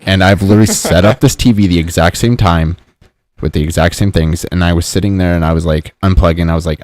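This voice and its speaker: A man's voice: deep voice, fast talker, darkish tone, no echo. A young man in casual podcast chat, talking in a laid-back, rambling way with plenty of swearing. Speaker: podcast co-host.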